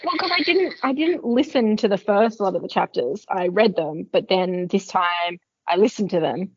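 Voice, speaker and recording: A woman's voice: mid-range voice, animated, moderate pace, breathy edge, no echo. A woman co-hosting a podcast, playful and giggly in casual chat. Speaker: podcast co-host. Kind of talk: casual book-club chat. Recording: dull mic, faint hiss.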